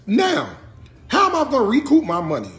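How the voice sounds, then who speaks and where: A man's voice: very high voice, huge pitch swings, a little fast, a bit bright. A man livestreaming casually to his viewers, talking through costs and scolding the chat with exasperation, calling them y'all and child. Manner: southern US vernacular, addresses viewers as y'all and child. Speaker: livestream host.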